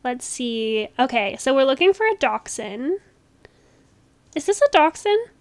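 A woman with a high, bright voice chats through a casual gameplay video. She gushes and talks quickly, with easy laughter. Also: very animated. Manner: bubbly, gushing, quick with laughs. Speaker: gaming channel host.

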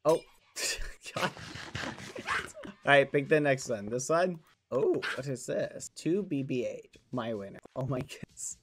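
A man's voice: medium pitch, huge pitch swings, measured pace, slight background noise. A young man streaming a game, gushing over gifts with clean stand-in swears, many "aw"s and much laughing. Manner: says "aw" again and again, laughs often. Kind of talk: live game stream chat.

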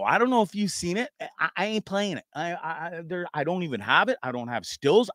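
A man from Canada hosting a live talk show in a rambling, chatty way, cursing now and then. His voice sits a little high for a man. The sound is dry and close, with no room around it. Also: fairly bright tone, dry recording. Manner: rambling, chatty, swears freely. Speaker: podcast host. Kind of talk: casual live show monologue.

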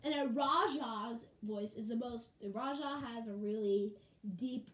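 A woman vlogging in casual chat to camera at home, bubbly and rambling, and quick to shout with excitement. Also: fairly high pitch. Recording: echoey room, faint hum.

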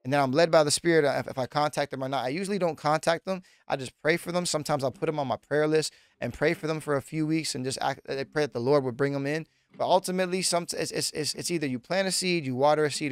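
Emphatic pastor, fairly high voice. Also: male voice, quick pace, smooth, no echo. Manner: emphatic, repetitive, direct address to listeners. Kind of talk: sermon-style teaching.

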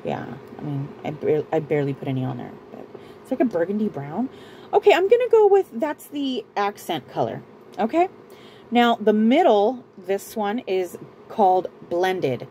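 A woman's voice: mid-range voice, big pitch swings, normal speed, mellow, slight background noise, low-quality recording. A woman vlogger from Southern California, casually chatting through a beauty and clothing haul, rambling and stopping herself often. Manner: chatty, rambling, self-interrupting, laughs often. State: out of breath. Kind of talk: casual haul video chat.

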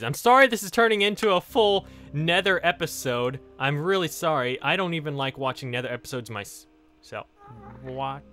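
A man giving casual Let's Play commentary to his viewers, excitable, exclaiming and laughing often. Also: medium pitch. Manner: talks directly to viewers. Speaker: gaming YouTuber.

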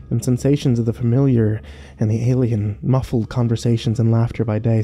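A man narrating a first-person horror story slowly and wistfully, with small restarts. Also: medium pitch, mellow.

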